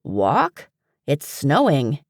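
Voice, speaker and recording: A woman's voice: low voice, huge pitch swings, extremely slow, dry recording, clean studio sound, exaggerated voice. A woman voicing a small, fussy male pet dragon who whines and complains. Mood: whiny. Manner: whiny, complaining.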